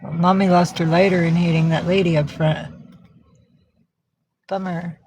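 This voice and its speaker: A woman's voice: on the low side, little pitch movement, normal speed, a little mellow, slight background noise. A woman vlogging in a casual livestream style, rambling, cooing to her pets and swearing casually, talking from inside a car.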